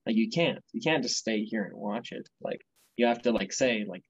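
Husky-voiced man talking emphatically. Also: on the low side, moderate pace, no echo. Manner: emphatic and animated. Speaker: podcast guest. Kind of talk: casual chat. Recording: dull, dry lo-fi audio.

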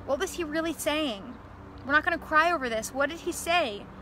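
Young woman, high bright voice, super emotional and emphatic, keeps repeating herself, lots of ums. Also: animated, normal speed, slight background noise. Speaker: speaker promoting a religious event. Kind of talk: impassioned storytelling monologue.

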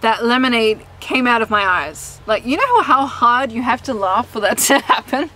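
A woman's voice: fairly high pitch, normal speed, pushed and bright, a little hiss or hum, low-quality recording. A young woman chatting candidly to camera outdoors in a vlog, laughing often and swearing casually. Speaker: vlogger and singer. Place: outdoors in sunshine.

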